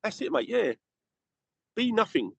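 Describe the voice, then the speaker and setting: A man from the UK, a guest speaking calmly and reflectively in short phrases. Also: high voice, measured pace, vocal fry, breathy edge, dry recording, highs cut off. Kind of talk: casual conversation.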